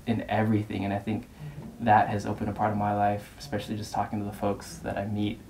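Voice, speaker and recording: Young man, monotone, sincere testimony, faint background noise. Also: on the low side, fast, rough recording. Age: young adult. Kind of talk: testimony interview.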